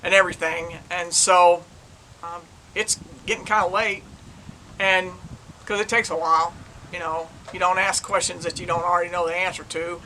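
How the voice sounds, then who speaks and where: Bright, high-voiced older retired cop. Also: male voice, little pitch movement, moderate pace, a little hiss or hum, low-quality recording. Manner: chatty, rambling, retells dialogue with "I said, he said". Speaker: retired police detective. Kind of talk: casual true-crime storytelling.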